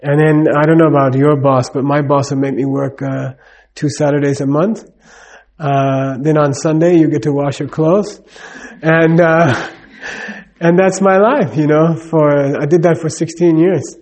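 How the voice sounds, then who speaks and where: A man's voice: on the high side, steady tone, a little slow, darkish tone. A middle-aged man giving a casual, rambling talk, full of fillers and "you know what I mean". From United States.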